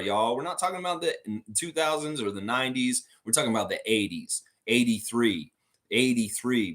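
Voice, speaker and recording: A man's voice: medium pitch, fairly bright tone. A middle-aged American man hosting a casual trivia livestream, reading chat comments aloud and laughing often. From United States.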